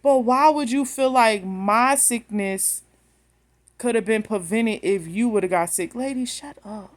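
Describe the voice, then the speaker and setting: A woman's voice: a little high, unhurried. A woman, telling a story bluntly and with animation straight to her phone camera. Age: 30s. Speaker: vlogger.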